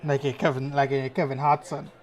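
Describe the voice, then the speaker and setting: A podcast co-host tells stories in casual, animated chat and laughs often. His voice is medium in pitch and a little fast.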